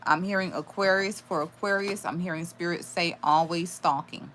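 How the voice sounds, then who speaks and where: A woman's voice: fairly low pitch, steady tone, normal speed, a bit bright. A woman giving a live tarot reading, channeling messages aloud with sudden exclamations and blunt swearing. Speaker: tarot reader.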